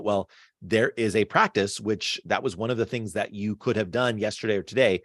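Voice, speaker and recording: A male history teacher giving a casual online quiz review, chatty and animated, with lots of fillers and asides. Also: fairly low pitch, a little fast, dry recording, clean studio sound.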